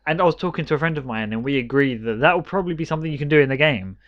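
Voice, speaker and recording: A man co-hosting a podcast in casual chat, talking haltingly with many restarts and agreeing often. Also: on the high side, expressive, a bit bright, dry recording. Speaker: podcast co-host. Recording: dull lo-fi sound.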